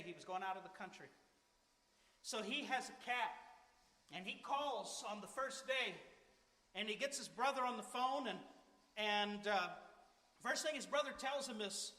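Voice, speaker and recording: High-voiced preacher in an echoey hall. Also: male voice, measured pace, pauses often, bright, forceful tone. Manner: earnest, emphatic, conversational preaching. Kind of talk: sermon. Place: church sanctuary.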